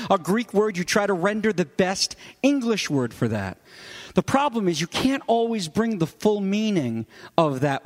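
A man's voice: high-pitched, in a large hall. A man pastor delivering an earnest, emphatic sermon. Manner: emphatic, earnest teaching with pauses.

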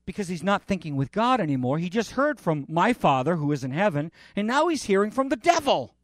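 A male pastor preaching a sermon with passion, swinging between loud declarations and quiet asides, often restarting phrases. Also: high voice, big pitch swings, a little fast, no echo, clean studio sound. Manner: impassioned, with dramatic rises and drops in volume; repeats himself and restarts while preaching.

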